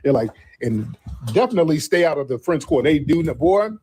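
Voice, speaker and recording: A man's voice: a little high, lively intonation, fairly quick, mellow, slightly rough, rough recording. A man hosting a casual live-stream show, talking in a slangy, rambling way and repeating himself.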